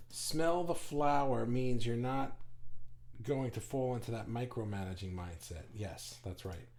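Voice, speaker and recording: A man's voice: medium pitch, unhurried, a little mellow. A middle-aged man with a New York accent, hosting a casual live chat, reading viewer comments aloud, laughing often and stumbling over his words.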